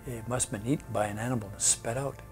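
A man's voice: mid-range voice, steady tone, quick pace, music in the background, close to an everyday voice. A man doing a wary gossiping village mouse.

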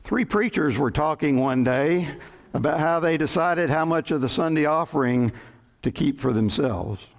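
A man preaching a sermon, reading scripture in a measured way and telling light jokes, lifting his voice for the characters in them. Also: on the high side, expressive, vocal fry. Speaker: pastor. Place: church sanctuary.

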